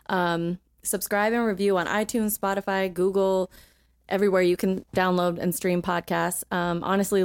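A woman's voice: fairly low pitch, clear, resonant tone, no room sound, studio quality. A young woman co-hosting a podcast in casual chat, talking loosely with many fillers and frequent laughs. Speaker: podcast co-host.

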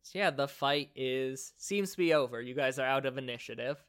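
A man narrates a tabletop game as its game master. His voice is smooth and resonant, in a middle range. He describes scenes casually, with filler words along the way. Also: medium pitch, brisk. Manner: relaxed, conversational narration with fillers.

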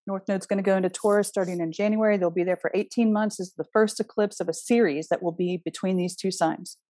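A woman speaks about astrology in a casual, earnest tone, her voice set mid-range for her sex. She drives points home with rapid rhetorical questions and the occasional blunt curse. The sound is dry and close. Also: medium pitch, mellow, dry recording. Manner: earnest, emphatic, with frank swearing. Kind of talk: casual spoken talk.

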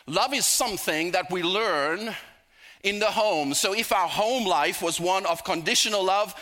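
A middle-aged man preaching a sermon, telling personal stories with humorous asides and slowing down for emphasis. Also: high-pitched, sharp tone.

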